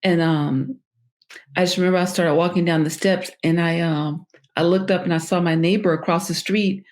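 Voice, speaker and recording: A woman speaks as a podcast guest with a slightly low voice. Her story comes out haltingly, with many fillers, pauses and restarts. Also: steady tone, a little mellow. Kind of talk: personal storytelling in an interview.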